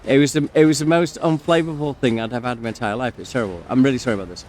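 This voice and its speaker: A man's voice: mid-range voice, very fast, darkish tone, soft background music. Rambling man chatting over gameplay. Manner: rambling, many fillers, breaks off to comment on the game. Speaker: gamer telling a story while playing. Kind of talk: casual storytelling over gameplay.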